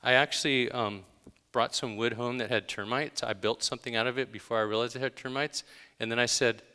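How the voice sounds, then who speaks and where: A man's voice: medium pitch, steady tone, fairly quick, sharp tone, clean tone. A male pastor giving a conversational, emphatic sermon, telling everyday stories with dramatic gasps. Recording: long hall reverb.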